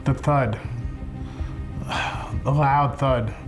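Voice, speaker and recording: A man who is a firefighter recalls events in an interview, speaking reflectively and haltingly, with pauses and repeated words. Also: medium pitch, steady tone. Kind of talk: interview testimony. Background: music.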